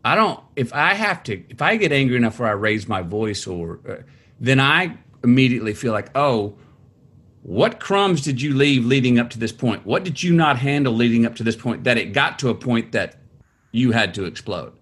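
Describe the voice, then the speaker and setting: A husky-voiced man, an author appearing as an interview guest, recalls his upbringing in conversational storytelling. His pitch jumps and falls as he animatedly quotes relatives, and between those quotes he halts, restarting sentences repeatedly while searching for words.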